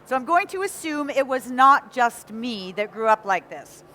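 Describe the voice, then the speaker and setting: A woman from England with a North American accent, giving a lively motivational talk to a live audience and often asking them questions. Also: on the high side, normal speed. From Nottingham, England. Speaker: motivational speaker.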